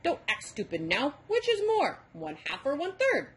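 A woman's voice: sits high, wildly swooping pitch, voice pushed up. A woman voicing a teasing number devil. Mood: quizzing. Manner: brisk, coaxing, quizzing. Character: magical male number devil, bossy and teasing.

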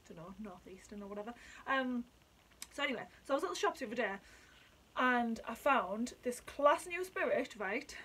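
A woman chatting excitably at home in a casual vlog, sweary and talkative. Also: fairly high pitch, breathy edge, rough recording. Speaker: vlogger reviewing drinks. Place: at home indoors.

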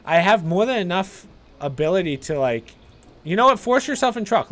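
An excitable man streams a game and talks casually to his viewers. His voice sits high and he swears now and then. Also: normal speed, soft background music. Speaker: gaming streamer. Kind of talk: casual gameplay commentary.

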